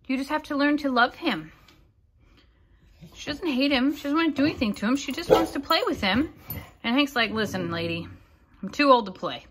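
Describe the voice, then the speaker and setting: A woman's voice: high-pitched, pushed and bright, a little hiss or hum. Woman cooing fondly at her pets. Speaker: vlogger, pet owner. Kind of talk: casual vlog narration.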